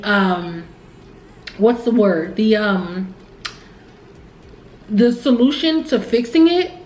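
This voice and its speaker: Candid, rambling woman vlogger, echoey room sound. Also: on the high side. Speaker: family vlogger. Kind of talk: casual vlog storytelling.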